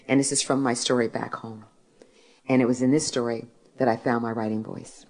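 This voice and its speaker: A woman from Philadelphia, an author who tells stories in a gentle way and reads from her book. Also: rumbling low, fairly even intonation, a little fast. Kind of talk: talk with a reading from her book.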